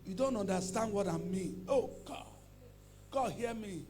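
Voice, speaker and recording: High-voiced man preaching with fire. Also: measured pace. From Nigeria. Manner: swings from loud fiery prayer chants to low murmured teaching; repeats commands in long chant with tongues. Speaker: pastor. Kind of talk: sermon.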